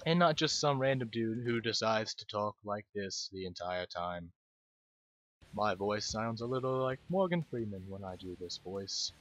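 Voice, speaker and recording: Male game commentator, rambling and self-mocking, lively pitch, dull lo-fi mic with game music under it. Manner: rambling, self-deprecating, stumbles over words. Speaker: gaming video host.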